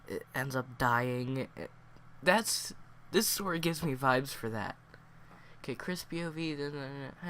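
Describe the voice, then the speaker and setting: A man chatting his way through a story review in a loose, rambling style, full of fillers. His voice wobbles as he tries not to laugh. A mid-pitched voice over a faint hiss. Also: sharp tone. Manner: keeps breaking into laughter, voice wavering. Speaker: book reviewer.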